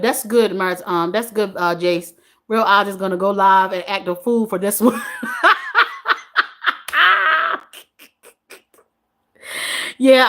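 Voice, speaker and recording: A woman in her forties chats live with her viewers, reading their comments aloud and greeting each one by name. Her voice sits high with a bright edge, and she laughs often and repeats herself as she talks. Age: 40s. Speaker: livestream host.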